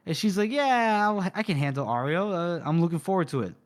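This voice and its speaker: A man co-hosting a casual book podcast, retelling scenes and acting out characters' lines in quick quoted voices. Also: a little high, lively intonation. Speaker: podcast co-host.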